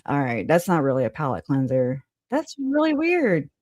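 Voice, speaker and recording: A woman's voice: deep voice, huge pitch swings, moderate pace, darkish tone, no room sound, clean studio sound. A woman hosting a casual live stream, chatting loosely with viewers, laughing often and swearing casually. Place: home.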